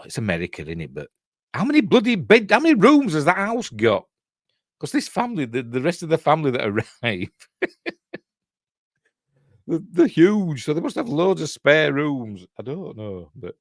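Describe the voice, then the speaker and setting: Chatty Yorkshire man with a lively voice. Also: on the low side, no room sound, studio quality. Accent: Yorkshire English. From Yorkshire, England. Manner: rambling, chatty, reads and answers live chat. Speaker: host. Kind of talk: casual film commentary with live chat.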